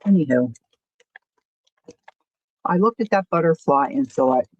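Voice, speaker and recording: A woman's voice: sits low, expressive, measured pace, darkish tone, no echo, muffled recording. A woman hosting a casual crafting livestream, rambling and self-deprecating, often stopping to restart her sentences. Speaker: crafting channel host.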